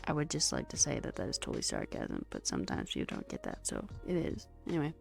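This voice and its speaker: A woman streamer chatting casually with her viewers while coding, animated and chatty, with lots of fillers and some swearing. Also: extremely low pitch, fast talker, vocal fry, soft background music. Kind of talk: casual livestream chat with viewers.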